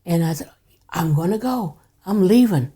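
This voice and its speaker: Her voice fairly low and expressive, an older woman on a podcast tells a personal story at an easy, normal pace. She keeps things casual and quiet, frequently sinking to a near whisper.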